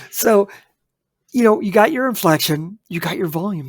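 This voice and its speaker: A man's voice: sits high, expressive, takes it slowly, long pauses, no echo, studio quality. A man co-hosting a podcast in casual chat, emphatic and addressing listeners directly. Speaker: podcast co-host.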